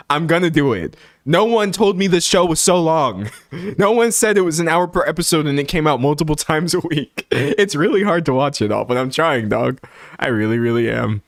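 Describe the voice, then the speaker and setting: A man hosting a livestream from his home setup rants casually into a streaming microphone, laughing a lot and rambling with restarts. His voice is on the high side, and the recording is dry and studio quality.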